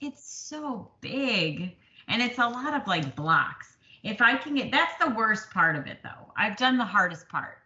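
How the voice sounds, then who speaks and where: A woman with a fairly high, sing-song voice talks a little slowly, her tone bright and forceful. She co-hosts a casual stitching podcast, chatty and self-deprecating, laughing often, and the sound is slightly dull and lo-fi.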